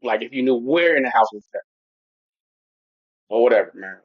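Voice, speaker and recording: A man's voice: medium pitch, animated, fairly quick, no room sound. A man hosting a casual football livestream who rambles loosely and talks straight to his chat. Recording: dull lo-fi home stream audio.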